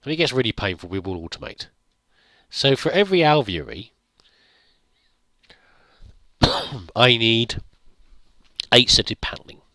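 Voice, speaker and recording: Brief: male game host, casual self-deprecating commentary, animated pitch, dry close recording. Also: normal speed, no echo. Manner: chatty, talks to himself, mutters and laughs at his mistakes. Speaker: gameplay video host.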